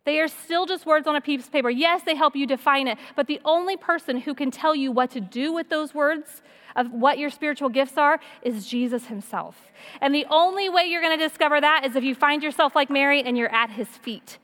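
A woman's voice: high voice, a little fast, a bit bright. A woman in her thirties giving a sermon, earnest and personal, telling stories and repeating her points. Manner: earnest, personal storytelling with repetition. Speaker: women's speaker. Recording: long reverb of a hall.

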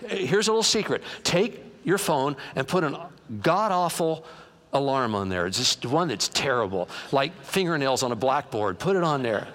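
Lively, folksy preacher man. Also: a little high. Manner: animated and folksy, jokes and acts out quotes. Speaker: pastor. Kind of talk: conversational sermon. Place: church.

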